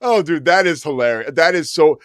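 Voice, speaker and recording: A man hosting a sports talk show, chatting casually with a co-host and reading live sponsor spots in an animated, rambling way. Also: a little high, a little fast, dry recording, studio quality. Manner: animated, rambling, laughs at his own story. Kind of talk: casual talk-radio chat with live ad reads.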